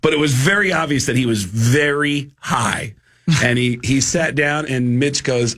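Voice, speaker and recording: A male comedian telling animated, laugh-filled stories in a podcast chat, with a husky voice. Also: medium pitch, slow. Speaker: comedian guest.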